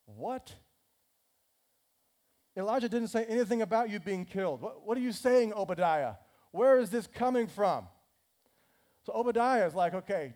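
A male pastor preaching a sermon in a lively, conversational way, often acting out the characters. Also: high voice, moderate pace, long pauses. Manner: animated, conversational, acts out scripture characters.

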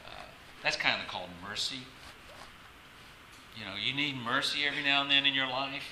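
A man pastor giving a casual, halting sermon to his congregation, repeating words and laughing often. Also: mid-range voice, pushed and bright. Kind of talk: conversational sermon. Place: church sanctuary. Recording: echoey room, faint ambient noise.

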